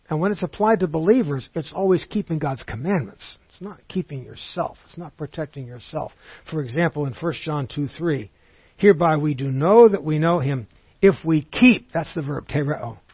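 A man giving an expository Bible teaching in a measured, explanatory way, reading scripture aloud as he goes. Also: a little high, husky, dry recording, highs cut off.

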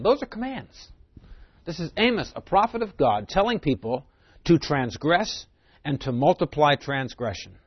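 A man's voice: medium pitch, animated, normal speed, breathy edge, no room sound. A man teaching from scripture in a sermon, moving between reading verses aloud and plain, conversational explanation. He often poses rhetorical questions to his listeners. The recording is dry and close, with a slightly dull, lo-fi tone. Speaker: preacher.

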